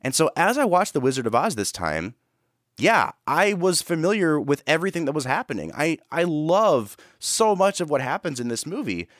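An earnest man co-hosting a film podcast, his pitch lively as he thinks aloud. He restarts often, and the sound is dry and close. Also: normal speed, no room sound. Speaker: podcast co-host. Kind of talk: casual film review chat.

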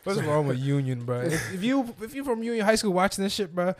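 A young man in casual chat, reacting with exclamations and jokes. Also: sits high. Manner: exclamatory, quick to react and laugh.

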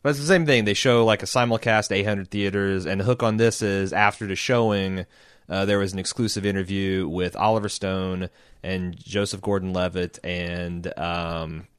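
A man co-hosting a casual movie-review podcast, talking quickly and jokingly with frequent restarts. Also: low-pitched, fairly even intonation, clean tone, no room sound, clean studio sound. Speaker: podcast co-host.

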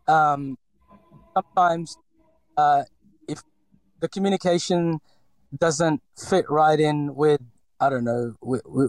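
In a reflective interview, a Filipino man in his forties with a slight accent narrates his story hesitantly, full of fillers and false starts. His voice is fairly high, and the rough recording carries no echo.

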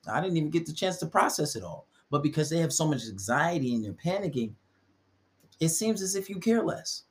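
A young man hosting a solo podcast, giving blunt, preachy dating advice and acting out quoted voices with big jumps in pitch.

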